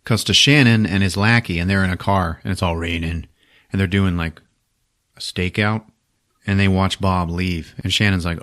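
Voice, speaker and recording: A man's voice: sits low, moderate pace. A man hosting a podcast, recapping a movie casually with lots of swearing and 'like'. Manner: animated, profane, full of 'like'. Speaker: podcast host.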